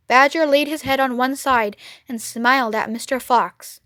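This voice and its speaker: A woman reading a children's book aloud, clear and expressive. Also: high voice, normal speed, few pauses, dry recording, clean studio sound. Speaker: storyteller. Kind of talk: children's read-aloud narration.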